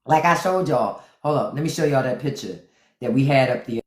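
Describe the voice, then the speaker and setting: A woman's voice: extremely low pitch, fairly quick, a little mellow. A woman hosting a livestream with sassy, playful comedic commentary that repeats lines for effect. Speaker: livestream host. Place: indoors, phone livestream. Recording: roomy echo.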